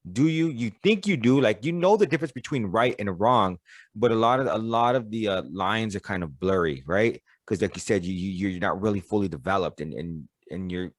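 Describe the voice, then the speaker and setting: A man's voice: deep voice, dry recording, clean studio sound. A man hosting a podcast, talking candidly and bluntly with lots of cursing and stammered restarts. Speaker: podcast host. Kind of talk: casual interview conversation.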